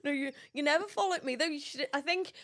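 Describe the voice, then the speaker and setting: A young woman hosting a casual chat show and teasing her mother in quick back-and-forth. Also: sits high, fairly bright tone. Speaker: podcast host.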